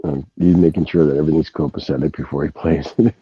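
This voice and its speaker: A man's voice: extremely low pitch, steady tone, quick pace, slightly rough, no echo, muffled recording. A man chatting casually with a co-host, chuckling and bantering playfully. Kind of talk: casual chat.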